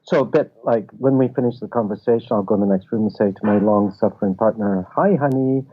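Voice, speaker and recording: A man's voice: lowish voice, steady tone, quick pace, slight background noise. A man, a film festival founder, explaining ideas with anecdotes as a guest in a casual interview. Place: office. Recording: tinny phone-like line.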